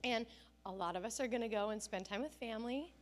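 Chatty woman pastor, fairly high voice. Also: quick pace. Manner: chatty storytelling with self-deprecating humor. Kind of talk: conversational sermon.

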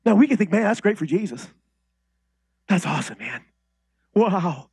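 Animated man preaching, husky and high. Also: normal speed, no echo. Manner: animated, swings from loud declarations to quiet intimate asides; conversational, with frequent restarts and rhetorical questions. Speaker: pastor. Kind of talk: sermon.

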